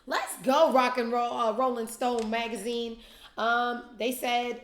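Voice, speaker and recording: A woman's voice: a little high, fairly even intonation, a little slow. A woman hosting a commentary show, ranting in a blunt, scornful way. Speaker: show host. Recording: roomy echo.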